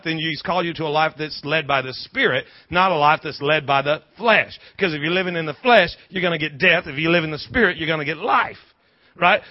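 A man's voice: fairly high pitch, highs cut off. A male pastor preaching a sermon in an emphatic call-and-response style, with a lot of repetition.

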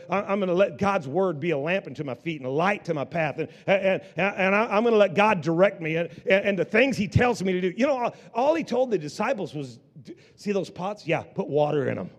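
A man preaching a sermon with passion, often stumbling and restarting his phrases. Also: high-pitched. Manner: impassioned preaching with many restarts. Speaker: pastor. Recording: long hall reverb.

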